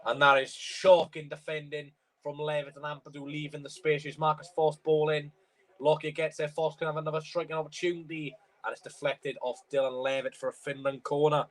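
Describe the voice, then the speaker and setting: A man's voice: on the high side, flat delivery, brisk. A young man from Wales with a tickly cough, doing live commentary and chatting while he watches a football stream at home. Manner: chatty, reacts loudly to chances, chants along to songs. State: tickly cough, sore throat. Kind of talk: live match commentary and chat.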